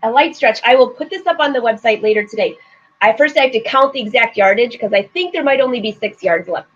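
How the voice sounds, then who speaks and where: A middle-aged woman with a bright, high voice hosts a live sewing show, chatting and laughing with viewers as she reads out their comments. The stream audio is slightly dull and lo-fi. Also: lively intonation, fast. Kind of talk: casual live-stream chat.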